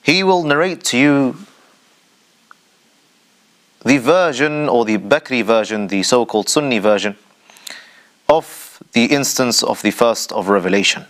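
Male host of a religious talk show; rhetorical, addresses viewers directly, mid-pitched voice. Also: animated, a little slow, pauses often, a bit bright. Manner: rhetorical, addresses audience directly, dramatic emphasis.

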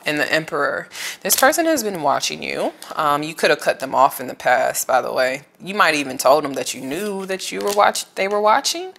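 A woman's voice: sits low, big pitch swings, moderate pace, gravelly, fairly bright tone, a little hiss or hum. A woman giving a casual tarot reading to camera, chatty and emotional, using slang and speaking straight to the viewer. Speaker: tarot reader.

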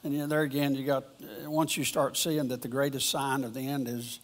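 A man giving an informal Bible lesson at church, rambling and halting, often restarting his sentences. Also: mid-range voice, little pitch movement. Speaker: church teacher.

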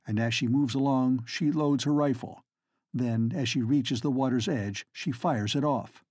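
Man reading an old novel aloud, husky dry voice, measured dramatic pacing. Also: medium pitch, darkish tone, dry recording. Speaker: audiobook narrator. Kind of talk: scripted narration.

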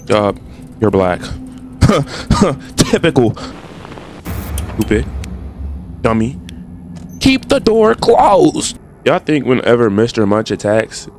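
A man's voice: medium pitch, a little hiss or hum. A young man doing casual, trash-talking commentary while playing a game. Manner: animated, trash-talking, slangy. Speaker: gaming streamer.

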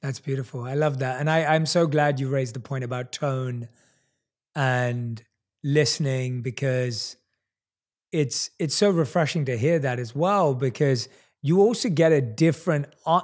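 A man's voice: mid-range voice, a little slow. A man hosting a podcast, asking questions in an earnest, enthusiastic, affirming way. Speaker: podcast host. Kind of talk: conversational interview.

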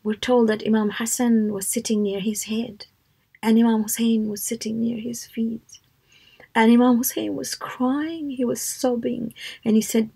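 A woman with a rather high, husky voice leads a children's lesson as a storyteller. She speaks softly and earnestly and often sinks into a hushed whisper. Her emphasis comes out in warm, pressed tones. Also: little pitch movement, measured pace. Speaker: teacher of a children's religious class. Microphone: live online talk.

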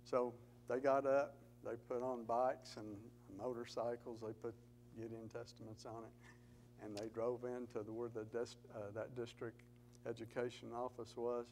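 A man's voice: medium pitch, level tone, measured pace, a little mellow, poor audio. Man, church testimony speaker, earnest storyteller who builds emphasis; mid voice, light hum on the recording.

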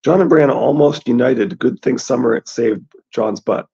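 A man's voice: mid-range voice, unhurried, creaky, dark tone, breathy edge. A man reading a novel aloud expressively, with his own commentary in between. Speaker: audiobook reader and theory commentator. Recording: dull lo-fi recording.

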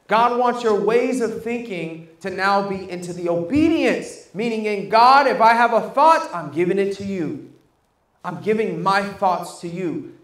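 A man's voice: sits high, a bit bright, reverberant. A man preaching a sermon as pastor, calling out questions to the congregation and waiting for them to answer.

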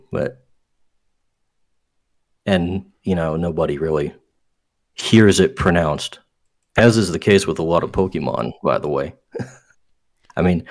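Low-voiced man, relaxed game designer. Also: unhurried, long pauses. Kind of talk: casual interview chat.

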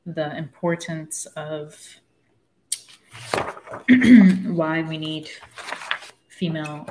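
A woman's voice: sits low, fairly even intonation, drawn-out words, background noise. A woman talking casually about a book she is reading, rambling and frank, losing her thread and swearing freely. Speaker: book discussion host. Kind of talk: casual spoken book commentary.

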